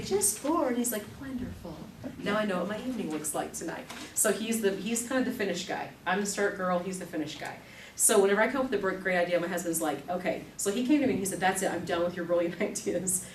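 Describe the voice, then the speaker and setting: Chatty woman teaching a class, echoey room. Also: mid-range voice. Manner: chatty, animated storytelling with laughter. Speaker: class instructor. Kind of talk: live classroom demonstration. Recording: echoey room, distant mic, faint noise.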